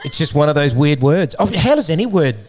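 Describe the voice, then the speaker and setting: A man's voice: fairly high pitch, big pitch swings, fairly quick, darkish tone, slight background noise. A man, co-hosting a podcast in a rambling, jokey, casual chat. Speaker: podcast co-host.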